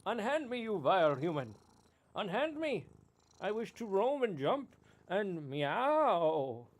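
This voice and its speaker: A man's voice: high-pitched, very animated, slow, pitched above the performer's own voice, heavily acted. A man voicing a haughty indignant house cat. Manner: grand, theatrical protest.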